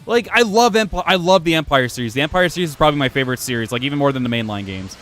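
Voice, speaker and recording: Lively rambling man streaming a game. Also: on the high side, racing. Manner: rambling, self-mocking, swears freely. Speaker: gaming streamer. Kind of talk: casual gameplay commentary. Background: faint music playing from his computer.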